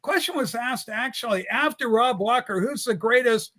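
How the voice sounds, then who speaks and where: A man with a very high and bright voice hosts a casual livestream chat. He teases his guests and plays things up in a jokey, theatrical way. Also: moderate pace. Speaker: livestream host.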